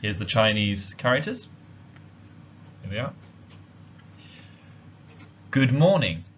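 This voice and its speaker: A man giving a slide-based language lesson, explaining slowly and carefully with frequent ums. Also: on the low side, very animated, slight background noise. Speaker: language teacher. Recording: dull lo-fi audio.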